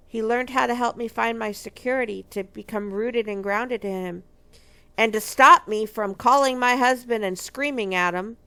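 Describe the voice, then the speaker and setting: A woman's voice: a little high, normal speed, gravelly, pushed and bright, clean tone. A middle-aged woman from a marriage ministry, giving an earnest, emphatic testimony and repeating key phrases for weight. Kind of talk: personal testimony teaching.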